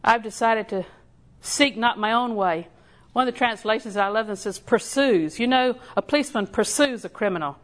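An older woman preaching a sermon in a folksy, storytelling way, with slow emphatic repetition. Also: fairly high pitch.

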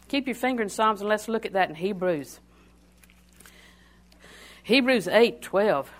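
An older woman preaching a sermon in a call-and-response style, swinging from loud declarations to hushed asides. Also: mid-range voice, expressive, a little slow, pauses often.

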